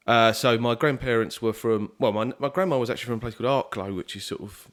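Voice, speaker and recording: A man's voice: medium pitch, fast talker. A young man from southeast England, a musician guest chatting casually in a podcast interview, easygoing and rambling with lots of fillers.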